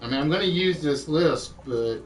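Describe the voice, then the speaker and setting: A man hosting an online quiz show, chatting and thinking aloud, reading clues out slowly. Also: on the high side, animated, distant mic, poor audio. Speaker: game show host. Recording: voice a bit off-mic with music behind.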